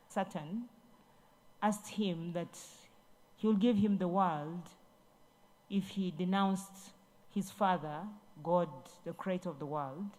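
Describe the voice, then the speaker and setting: A woman government minister, invited as guest speaker, addresses a ceremony in a large event hall with a lowish, warm voice. She recounts Bible stories in a sermonizing way, repeating herself.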